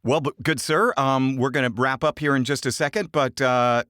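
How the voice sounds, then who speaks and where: A man co-hosting a podcast interview, reacting with lively exclamations. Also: mid-range voice, moderate pace, dry recording, studio quality. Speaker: podcast co-host.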